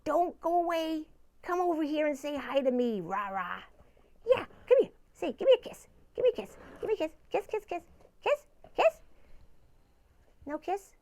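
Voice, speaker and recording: A woman voicing a cheerful puppet cheerleader in a children's puppet show, doting and sing-song, cooing softly to a pet guinea pig. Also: sits high, big pitch swings, moderate pace, long pauses. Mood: coaxing. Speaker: teacher reading-promotion puppeteer.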